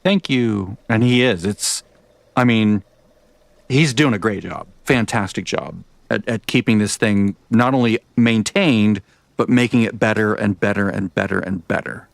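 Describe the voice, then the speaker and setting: A man with a low, gravelly voice talks his way through a game in an easy, rambling manner. He often trips over himself and starts his sentences again. The sound is dry and close, with no room around it. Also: a little slow, no echo. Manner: rambling, self-correcting, chatty. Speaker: gaming vlogger. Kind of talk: casual game commentary.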